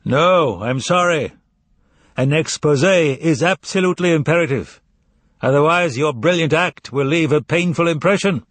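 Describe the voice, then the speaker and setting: A man's voice: fairly high pitch, normal speed, no room sound, voice pushed up, close to an everyday voice. A man voicing a pompous, indignant official who speaks in a stiff, demanding way.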